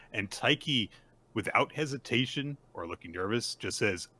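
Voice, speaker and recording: A man's voice: mid-range voice, normal speed. A man co-hosting a podcast, recapping manga chapters in casual chat and acting out the characters' lines. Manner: animated retelling, acts out quoted lines. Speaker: podcast co-host.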